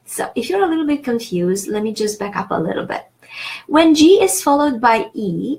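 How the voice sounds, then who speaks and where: A woman, teaching pronunciation in an online lesson, explaining slowly and patiently with many hesitations. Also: mid-range voice, a little mellow. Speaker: French teacher.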